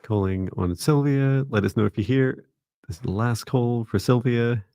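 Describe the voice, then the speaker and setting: Gravelly-voiced man hosting a psychic livestream. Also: mid-range voice, moderate pace, mellow, dry recording. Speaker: psychic reader, livestream co-host. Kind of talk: live-stream psychic reading.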